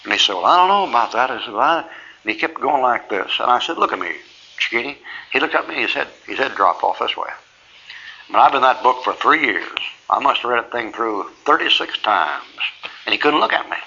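Folksy male preacher acting out both sides of his stories, sharp bright voice, muffled old tape. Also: mid-range voice, expressive, brisk, creaky, a little hiss or hum. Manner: folksy storytelling, acts out both sides of conversations. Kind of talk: sermon with personal testimony.

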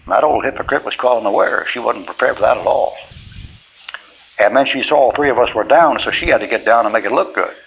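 Speaking quickly with vocal fry and a slightly bright medium-pitched voice, this middle-aged man tells folksy sermon stories about church, plainspoken and chuckling frequently. Dull lo-fi tape with faint hiss carries it.

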